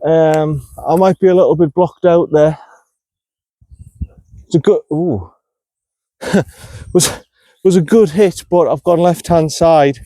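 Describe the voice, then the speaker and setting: Frustrated golfer outdoors. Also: male voice, on the high side, slow pace, pauses often, dark tone, dry recording. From North East England. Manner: frustrated, self-critical, talks himself through shots. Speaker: golf vlogger. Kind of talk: on-course golf commentary. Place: outdoors on a golf course.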